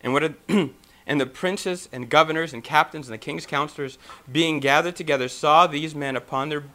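Male preacher, slightly high, bright voice, reads scripture then explains it with animated asides. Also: normal speed. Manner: loud and animated in places. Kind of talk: sermon.

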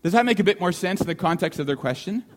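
A man delivering a sermon with a voice pitched a little above the usual male range. He preaches in an animated way, repeating key lines for emphasis and briefly acting out the voices of people in the story. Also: fast. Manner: animated, acts out the disciples' shouting.

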